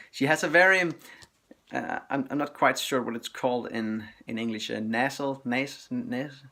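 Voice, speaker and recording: A man's voice: medium pitch, fairly bright tone. Enthusiastic man chatting. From Denmark. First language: Danish. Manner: enthusiastic, chatty record reviews. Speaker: record collector vlogger. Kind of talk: casual chat.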